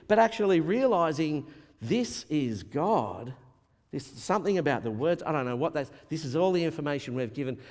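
A man preaching a sermon as a pastor, animated and acting out the voices he quotes. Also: on the high side. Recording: long hall reverb.

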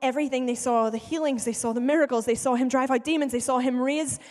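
A woman's voice: high voice, steady tone, fast, a little mellow. A woman preaching a sermon in an earnest way, often repeating phrases for emphasis. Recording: long hall reverb.

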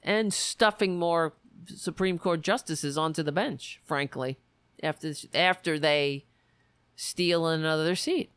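A woman's voice: deep voice, slow, fairly bright tone, clear, resonant tone, no room sound. A woman delivering an angry political rant in an indignant, profane, emphatic way.

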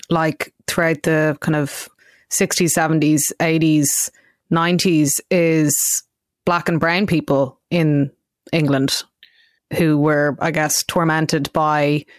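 Slow, tentative interviewer, dry sound. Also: medium pitch, no echo. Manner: tentative, hedging with "I guess" and "like". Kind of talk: conversational interview question.

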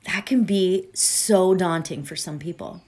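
Chatty and warm-hearted, this middle-aged podcast host has a husky voice on the low side and speaks a little slowly. Her casual talk wanders through plenty of fillers and asides before she guides listeners into a meditation.

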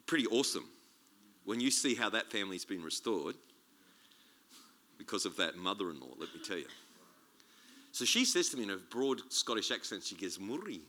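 A man preaching a sermon as a guest speaker, chatty and animated, joking and restarting his sentences. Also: fairly low pitch, a little hiss or hum. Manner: animated, conversational, jokey preaching with many restarts.

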